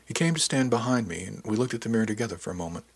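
Deep, husky male narrator. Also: lively intonation, racing, no echo. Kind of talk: audiobook narration.

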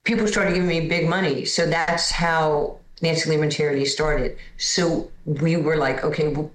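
A woman in her sixties from New York, telling candid, self-deprecating stories as a guest in a lively conversation. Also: low-pitched, moderate pace, echoey room, poor audio. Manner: lively, candid, self-deprecating, repeats words when starting. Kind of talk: storytelling in conversation.

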